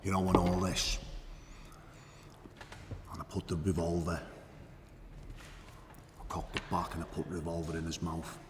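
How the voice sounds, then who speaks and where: An actor playing a boastful, crude hitman who tells his story with swagger, profanity and drawn-out emphasis, in an acting class monologue. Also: sits low, little pitch movement, in a large hall, noisy background, close to an everyday voice. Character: boastful crude male hitman telling war stories.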